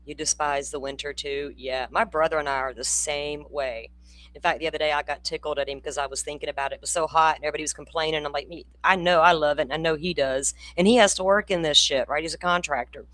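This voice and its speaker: An older woman from Florida hosts a true crime channel's casual livestream, chatting away, laughing, swearing, and calling viewers by name. Her low voice is steady and fairly bright, she talks fast, and there's no echo.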